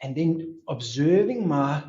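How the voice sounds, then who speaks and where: A man telling a story as a podcast guest, lively, acting out his own inner dialogue. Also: fairly high pitch, takes it slowly. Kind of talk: storytelling in conversation. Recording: roomy, slightly dull recording.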